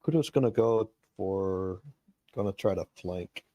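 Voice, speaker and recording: A man's voice: deep voice, unhurried, warm tone, no room sound, dull audio. A man playing a tabletop game, announcing his turns in brief, plain words. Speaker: player.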